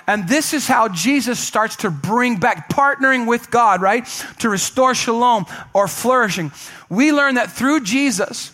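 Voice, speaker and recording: High-voiced man preaching a sermon. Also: expressive, unhurried, sharp tone. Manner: emphatic preaching, asks the congregation to respond. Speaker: pastor. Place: church sanctuary.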